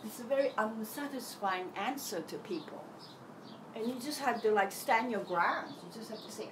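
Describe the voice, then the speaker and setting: Brief: middle-aged woman, higher voice, very animated delivery, acts out her inner voices, audible noise and birds behind. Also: moderate pace. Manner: acts out voices in her head, lively and candid. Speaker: self-help teacher. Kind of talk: casual reflective monologue.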